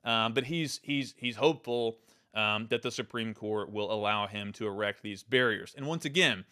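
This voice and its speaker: A man's voice: lowish voice, moderate pace, sharp tone. A man hosting his own show, talking through political commentary in an emphatic, loose way, often restarting and repeating words. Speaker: podcast host.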